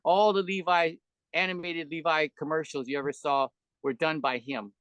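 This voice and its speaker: A man's voice: fairly high pitch, steady tone, normal speed, a bit bright, clean tone, no room sound, dull audio. A man in his seventies, a veteran animator guest, rambling through stories in a casual interview chat. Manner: rambling storyteller who acts out quoted voices.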